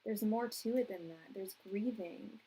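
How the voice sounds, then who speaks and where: A woman's voice: medium pitch, measured pace, dark tone, breathy edge, poor audio. A young woman giving a live-stream tarot reading, chatty and emotional, with frequent laughter. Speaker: tarot reader.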